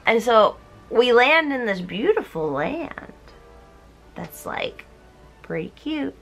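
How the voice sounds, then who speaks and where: A young woman, a little drunk, retelling a story in a giggly, animated way and putting on voices for the characters. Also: on the high side, takes it slowly, vocal fry, loud music behind the voice. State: tipsy. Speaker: host. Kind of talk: tipsy comedic retelling.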